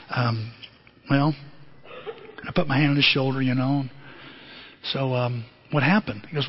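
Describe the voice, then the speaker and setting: A man's voice: normal speed, pauses often, slightly rough. A middle-aged male pastor preaching a sermon, telling a family story and acting out the voices. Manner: animated storytelling, acts out voices in high falsetto. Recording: dull lo-fi sermon audio.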